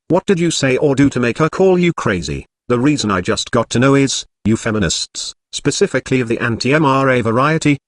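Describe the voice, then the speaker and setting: A man's voice: medium pitch, no room sound, studio quality. A man with an English accent delivering a scripted, sarcastic, mocking opinion rant as a vlogger.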